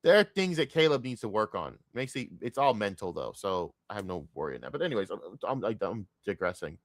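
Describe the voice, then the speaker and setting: A young streamer rants about football, cursing and rambling as he goes. His pitch swings widely between outbursts and mutters. The sound is dry and close, with no room around it. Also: very animated, fairly quick, dry recording. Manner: profane, heated, rambling. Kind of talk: casual sports rant.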